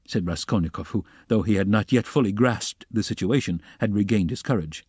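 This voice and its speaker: A man narrating a classic novel as an audiobook reader, steady and even. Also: on the low side, brisk, husky, no room sound, studio quality. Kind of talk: scripted narration.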